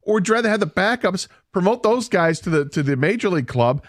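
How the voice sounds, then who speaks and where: A man's voice: sits high, lively intonation, fast, dry recording, clean studio sound. A man co-hosting a sports radio show, laying out his case with emphatic, repeated points. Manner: emphatic, builds points with repetition. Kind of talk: sports talk radio banter. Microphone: studio broadcast mic.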